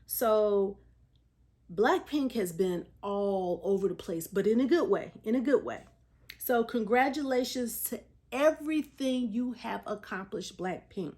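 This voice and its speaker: A woman hosting a casual solo podcast, talking straight to her listeners in a chatty, animated way and laughing between remarks. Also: fairly high pitch, a little slow. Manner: chatty and animated, often addressing listeners directly; frequent fillers and restarts. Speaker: podcast host.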